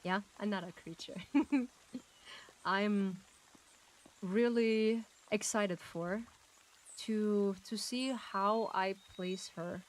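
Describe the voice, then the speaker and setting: Woman streamer, casual game-stream chatter, slow unhurried delivery, giggly and grateful. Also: medium pitch. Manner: giggly, chatty, thanks viewers warmly. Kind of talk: casual livestream chat while playing a game.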